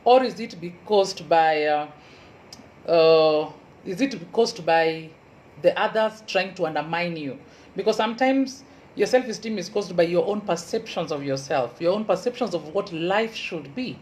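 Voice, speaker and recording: A woman with a Kenyan Luo accent, a university lecturer giving an earnest motivational talk and repeating key advice slowly for emphasis. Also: fairly low pitch, expressive, a little mellow, slight background noise, poor audio.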